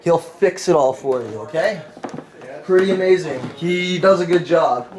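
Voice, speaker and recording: A man casually showing viewers around a shop, chatty and quick to laugh. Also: fairly high pitch, crowd noise. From Canada. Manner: chatty, laughs often, uses "check this out". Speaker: vlog host touring a shop. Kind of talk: casual walkthrough chat.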